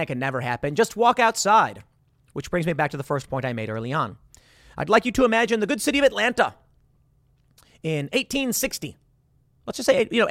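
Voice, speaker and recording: A man's voice: fairly high pitch, a bit bright, no echo, clean studio sound. A man delivering an argumentative opinion monologue as a political commentator, reading out posts and reacting to them emphatically.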